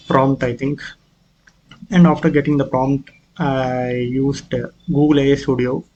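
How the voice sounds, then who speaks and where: A man's voice: medium pitch, a little mellow, dull audio. A man casually walking through his own app prototype, hesitant, with frequent fillers and restarts. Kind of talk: casual screen walkthrough.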